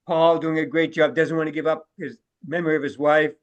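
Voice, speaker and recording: A man with a somewhat high voice talks about his role in a play reading over a video call. He rambles and laughs as he goes. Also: level tone, brisk, lo-fi sound. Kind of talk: casual video-call chat.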